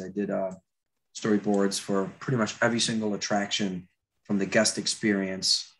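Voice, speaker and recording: Man with a dry throat demonstrating storyboards. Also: on the low side. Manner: loose, chatty, many fillers and restarts. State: dry throat, clearing it often. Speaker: storyboard artist teaching a demo. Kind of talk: live drawing demonstration.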